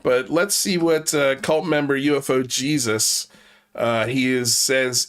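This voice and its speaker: This male host talks in a loose, casual commentary style. He is mocking and profane, swearing often as he reacts. His voice sits at an ordinary middle pitch. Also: fairly even intonation, measured pace, a bit bright, smooth.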